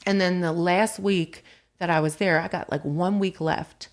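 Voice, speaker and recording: Lively woman telling her story. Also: fairly low pitch, moderate pace. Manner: lively, frequent "like" fillers. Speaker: podcast guest. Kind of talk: casual storytelling chat.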